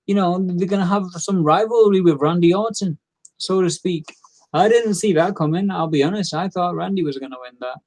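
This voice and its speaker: A man's voice: sits high, brisk, darkish tone. A tired man giving a rambling, opinionated casual recap as host, full of fillers and restarts.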